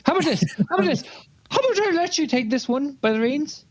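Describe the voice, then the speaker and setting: A man's voice: very high-pitched, animated, fast, no echo, lo-fi sound. A man playing his character in a tabletop game, brash and swearing a lot. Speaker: player. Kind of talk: in-character tabletop role-play.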